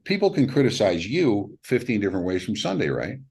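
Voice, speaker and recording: Middle-aged male director, very low and husky, animated storyteller who performs the voices of people he quotes. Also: fairly quick. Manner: animated, acts out quoted voices with big pitch jumps, laughs. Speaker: film director. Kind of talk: casual interview storytelling.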